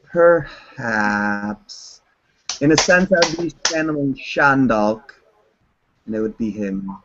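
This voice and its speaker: A man's voice: medium pitch, expressive, slow pace, noisy background. A man talking in a casual, joking way during a video call, telling stories and acting out the people in them. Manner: joking, acts out others' voices in his stories. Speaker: channeler. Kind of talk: casual chat. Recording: dull lo-fi video call audio.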